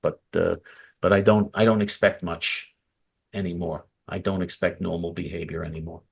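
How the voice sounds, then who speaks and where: A man's voice: low voice, little pitch movement, normal speed, vocal fry, slightly rough. A man hosting a talk show, speaking emphatically and a little preachily. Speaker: host. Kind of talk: casual talk-show chat.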